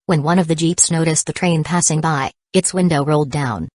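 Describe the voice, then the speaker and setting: A woman narrating an audiobook in a steady, even reading voice. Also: sits low, a little fast, no room sound. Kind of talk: scripted narration.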